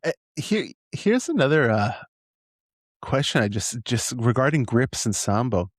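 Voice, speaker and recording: A man's voice: mid-range voice, very animated, measured pace, dry recording, clean studio sound. A man from Edmonton hosting an interview, talking in an enthusiastic, rambling way with many restarts. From Edmonton, Canada. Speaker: podcast host. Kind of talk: casual interview.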